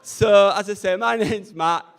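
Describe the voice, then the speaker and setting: A man's voice: sits high, measured pace, clear, resonant tone. A young man, doing cheeky, camp, self-deprecating stand-up at an open mic night. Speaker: stand-up comedian. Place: community radio open mic event.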